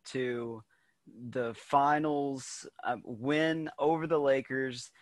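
A man co-hosting a casual sports podcast, quick to react and fond of jokes. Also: medium pitch, no room sound. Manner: animated, jokey, quick reactions. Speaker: podcast co-host.

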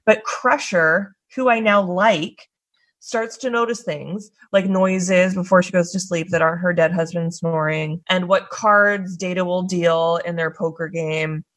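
A woman's voice: fairly low pitch, fairly even intonation, unhurried, a bit bright, poor audio. A woman co-hosting a podcast, chatting casually and retelling an episode's plot with offhand asides and the odd swear. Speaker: podcast co-host.

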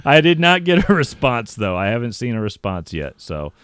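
A man's voice: mid-range voice, sing-song, normal speed, fairly bright tone, clean tone, no echo. A man hosting a casual podcast, wry and laughing often as he reads fan messages aloud. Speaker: podcast host.

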